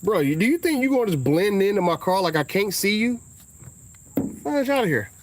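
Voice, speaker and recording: A man with a Southern US accent rambling casually as a car vlogger outdoors, drawing out his words and breaking into sudden high exclamations. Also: expressive, slight background noise. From Southern United States. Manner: laid-back, drawn-out talk with sudden high exclamations.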